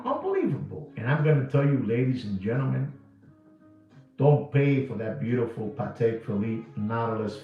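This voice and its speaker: A man giving blunt watch market updates in repetitive street talk, dropping in Spanish slang. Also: on the high side. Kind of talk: casual video talk. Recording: very echoey room, distant mic, dull sound, faint music.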